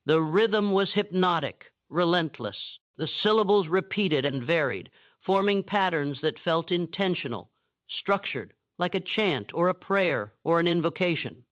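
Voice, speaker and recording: A man narrating a scripted history story in a measured, solemn way. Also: on the high side, expressive, a bit bright, dry recording, muffled recording.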